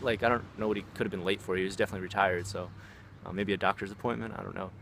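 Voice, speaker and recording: A man with a fairly low voice tells stories in a loose, slangy vlog style, swearing freely and leaning on "like" and "man." He talks outdoors in a city, with faint street and traffic noise behind him. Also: fairly even intonation, very fast, vocal fry, fairly bright tone. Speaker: vlogger. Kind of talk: casual storytelling.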